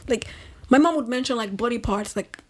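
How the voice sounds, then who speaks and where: A young woman from Nigeria chatting casually, telling animated stories and laughing often. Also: fairly high pitch, fairly quick, husky. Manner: animated, laughing, code-switching storyteller. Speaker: conversation participant. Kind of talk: casual chat.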